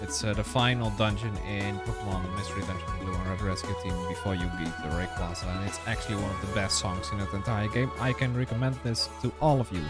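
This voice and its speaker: A man's voice: fairly low pitch, fairly even intonation, fast talker, hardly any pauses, over loud music. A man streaming a game live, chatting casually with his viewers in a rambling way, full of fillers and restarts. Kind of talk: casual live-stream chat while gaming.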